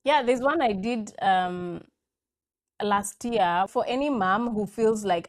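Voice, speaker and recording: A woman in her thirties, speaking as a guest in a relaxed conversation. She talks in a chatty, storytelling way and acts out the lines other people said. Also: on the high side, unhurried. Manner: chatty anecdotal storytelling, acting out quoted lines. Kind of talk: casual chat.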